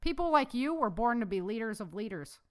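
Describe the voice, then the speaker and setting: A woman's voice: a little high, sing-song, fairly quick. A woman voicing a sarcastic, jesting male ex-Marine in a storybook reading. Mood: wry jesting. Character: wry, sarcastic male ex-Marine security man.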